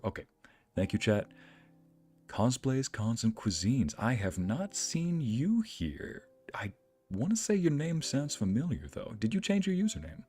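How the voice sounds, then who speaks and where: A man's voice: medium pitch, sing-song, normal speed, darkish tone, breathy edge, faint music behind. A man streaming from home, chatting casually and greeting viewers by name with playful exclamations. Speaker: streamer and narrator. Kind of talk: casual livestream chat.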